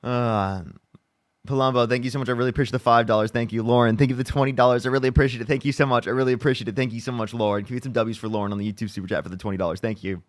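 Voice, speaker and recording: A young man hosting a live debate stream, talking fast in a mid-pitched voice. He sounds exasperated as he presses his questions, then rattles off quick thank-yous to donors. The sound is dry and close. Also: fairly even intonation, no room sound. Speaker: livestream debate host. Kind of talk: heated live debate and donation shout-outs.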